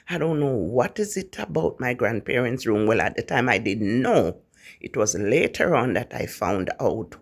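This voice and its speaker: A man with a Jamaican accent telling a ghost story in a casual, animated way, often repeating words. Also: medium pitch, creaky.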